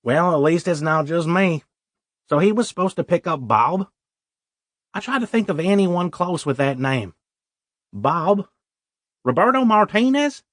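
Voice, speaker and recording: A man's voice: a little high, animated, measured pace, long pauses, no echo, clean studio sound. A man narrating a first-person audiobook story in a wry, self-deprecating way.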